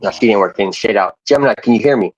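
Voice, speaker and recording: A man's voice: lowish voice, fast talker, no room sound, highs cut off. A man chatting casually into earphones, stumbling and restarting his questions and swearing offhand. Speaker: streamer. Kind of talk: casual chat.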